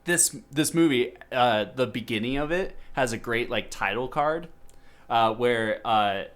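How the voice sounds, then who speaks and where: A man's voice: medium pitch, measured pace, fairly bright tone. Male podcast host, casual rambling delivery, full of fillers. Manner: rambling, lots of fillers and restarts. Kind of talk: casual chat about a movie.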